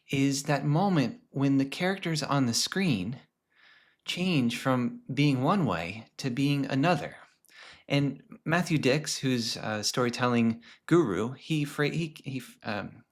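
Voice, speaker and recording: A man presenting a lesson on film characters, telling a story in a conversational way with frequent restarts and some soft, hushed stretches. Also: mid-range voice. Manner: conversational, many restarts, drops to a hush at times.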